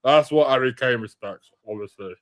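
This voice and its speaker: A man's voice: medium pitch, moderate pace, close to an everyday voice. A man playing a polite, bland male star striker who tacks "obviously" onto every sentence. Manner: monotone, says "obviously" after every sentence. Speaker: comedy co-host.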